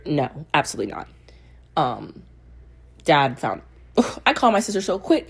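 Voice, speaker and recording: A woman in her twenties casually telling a personal story, getting animated and loud as she retells being irritated. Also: moderate pace, creaky, long pauses, husky. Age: 20s. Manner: animated, gets loud and high when retelling anger. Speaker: vlogger.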